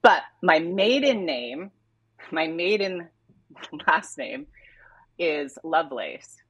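Low-voiced chatty woman. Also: expressive, slow, breathy edge, no room sound. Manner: chatty, laughs through her stories. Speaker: sex educator guest. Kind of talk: casual podcast chat.

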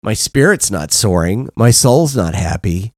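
A middle-aged man tells blunt, profanity-laced stories on a podcast, often checking in with a quick "right?". His voice swings widely in pitch as he talks. The sound is dry and close, with no room echo. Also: animated. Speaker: podcast co-host. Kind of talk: casual candid storytelling.

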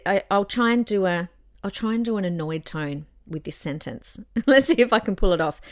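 A woman hosting a solo podcast, chatty and encouraging, giving public speaking tips and acting out tones of voice. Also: mid-range voice. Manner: chatty and encouraging, demonstrates tones with her own voice. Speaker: podcast host.

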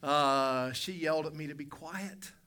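Bright-voiced preacher telling a story. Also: male voice, fairly high pitch, a little slow. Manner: folksy storytelling, calls out to people in the congregation. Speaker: pastor. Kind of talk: preaching a sermon with a personal story.

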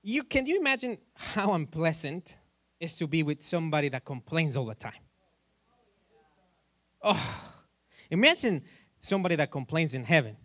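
Joking, slightly high-voiced male pastor. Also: sing-song, moderate pace, pauses often, a bit bright, no echo. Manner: conversational, joking with the congregation; asks the congregation questions. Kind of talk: sermon. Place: church.

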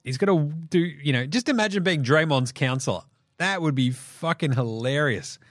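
An Australian man hosting a basketball podcast, ranting in an animated, profane way and laughing between jokes. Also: a little high, normal speed, dry recording, clean studio sound. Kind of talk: solo sports podcast rant.

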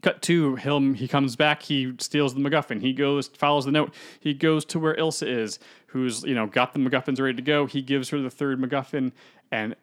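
A man's voice: medium pitch, fairly even intonation, normal speed. Man, podcast co-host, loose rambling retelling of a movie, slips into character voices. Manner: rambling storyteller who acts out characters. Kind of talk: casual podcast plot recap.

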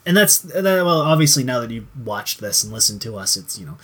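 A man's voice: mid-range voice, very animated, fairly quick, fairly bright tone, slightly rough. A young man co-hosting a casual chat show, rambling with restarts and plenty of swearing as he reviews a show. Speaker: podcast co-host.

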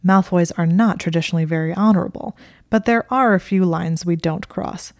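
A woman's voice: on the low side, fairly quick, dry recording, studio quality, lightly acted. A woman voicing a smug, needling young wizard man who smirks, rambles and waves things away, in a storybook reading. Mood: rambling.

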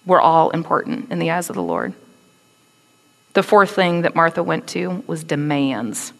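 A woman giving a conversational, animated sermon, acting out quotes with attitude. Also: deep voice, a little slow, gravelly, in a large hall. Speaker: preacher.

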